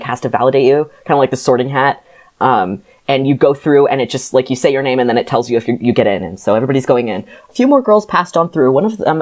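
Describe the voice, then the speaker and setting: Low-voiced woman, sarcastic podcast co-host. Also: a little mellow. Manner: rambling, sarcastic, laughs often. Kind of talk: casual chat, book recap.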